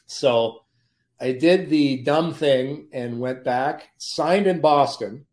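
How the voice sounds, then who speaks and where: A man, a former pro hockey player, telling lively anecdotes as a podcast guest and often laughing mid-story. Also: mid-range voice, slow pace. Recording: roomy echo.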